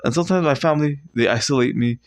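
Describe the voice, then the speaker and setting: A young man rambling through a solo comedy monologue at home, swinging from low mutters to loud shouted bursts and swearing often. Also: racing, background noise. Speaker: vlogger doing improv comedy. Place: at home, indoors.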